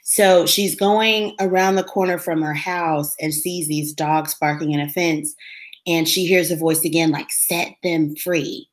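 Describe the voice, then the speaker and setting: A woman co-hosting a casual talk show, retelling a TV episode in an animated way and acting out the characters' lines. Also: low voice, measured pace. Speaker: co-host recapping a TV episode. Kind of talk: casual chat.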